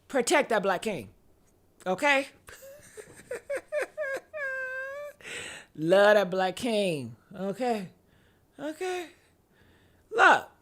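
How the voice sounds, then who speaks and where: Brief: woman reaction vlogger, slow delivery, bright tense tone, sarcastic, laughs a lot. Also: a little high. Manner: sarcastic, mock-outraged, laughing often; repeats short exclamations. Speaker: commentary vlogger. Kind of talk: reaction commentary on viewer comments.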